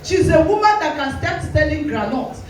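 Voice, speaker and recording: High-voiced Nigerian woman preaching. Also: animated, moderate pace. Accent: Nigerian English. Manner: preaching with dramatic quoted voices and direct challenges. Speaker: pastor. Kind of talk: sermon. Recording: very echoey hall with faint music, voice from a distance.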